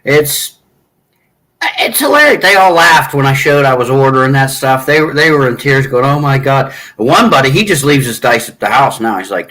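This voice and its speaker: A middle-aged man chatting casually with viewers from a hotel room, rambling and halting, often clearing his throat. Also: medium pitch, expressive, pushed and bright, low-quality recording. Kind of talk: casual chat.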